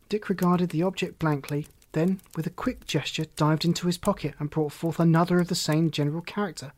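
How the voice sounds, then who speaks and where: A male audiobook narrator reads in a calm, steady storytelling voice that sits slightly high. The recording is close and dry with no room sound. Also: fairly quick, no room sound. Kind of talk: scripted narration.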